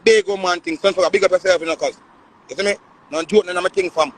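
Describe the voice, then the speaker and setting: A man's voice: sits high, fairly even intonation, fast talker. A man in his thirties with a Jamaican Patois accent, ranting on a casual live stream in an emphatic, repetitive, boastful way. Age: 30s.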